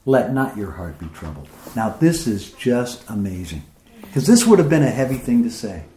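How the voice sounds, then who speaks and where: A man's voice: sing-song, moderate pace, dark tone. Man preaching scripture in an echoey room. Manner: reads scripture aloud then comments, rising in pitch as he grows emphatic. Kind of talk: sermon reading and explaining scripture.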